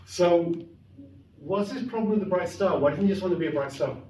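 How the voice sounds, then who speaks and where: A man's voice: sits high, fairly quick, mellow. A middle-aged man giving a conversational, emphatic classroom lecture on poetry. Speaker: literature lecturer. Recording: echoey classroom, mic far off, faint noise.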